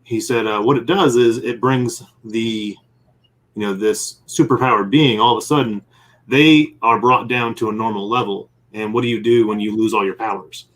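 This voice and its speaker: A man's voice: on the low side, steady tone, normal speed, a bit bright. A man telling a long story in a casual interview while sketching, rambling and acting out bits of dialogue. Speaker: comic publisher and guest; game master of his group.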